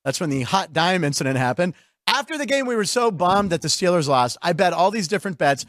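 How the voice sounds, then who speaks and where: A middle-aged man from Pittsburgh hosting a casual comedic radio chat, rambling with jokes and quick asides. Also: sits high, expressive, a bit bright, no echo, clean studio sound. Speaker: host.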